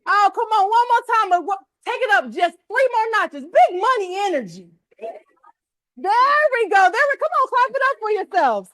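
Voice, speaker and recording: A woman's voice: extremely high pitch, very animated, moderate pace, a bit bright. A woman leading a motivational workshop, pumping up a live audience with colloquial call-and-response. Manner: colloquial, uses "y'all". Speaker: workshop speaker. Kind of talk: energetic motivational workshop talk.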